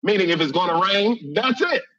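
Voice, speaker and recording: A man from Chicago telling a humorous personal story, animated and laughing often as he acts out voices. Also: high-pitched, normal speed, slightly rough, no echo, highs cut off.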